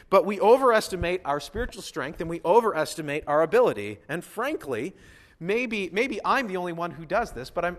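A man preaching a sermon as a pastor, animated and acting out the voices of figures from the Bible. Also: high-pitched.

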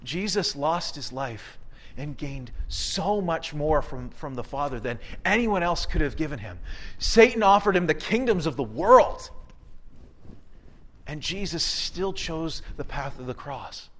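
A man preaching a sermon with a fairly high voice for a man. He talks to the congregation in a relaxed, conversational way but stays earnest, leaning on repeated words to drive a point home. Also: measured pace. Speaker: pastor.

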